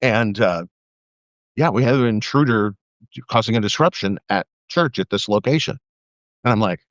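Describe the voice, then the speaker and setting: A middle-aged man and former police officer rambles through stories on his live stream, swearing freely as he goes. His voice sits at an ordinary pitch for a man. The audio is dull and lo-fi, in a dry, deadened room. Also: expressive, a little fast, no echo. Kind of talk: casual live-stream monologue.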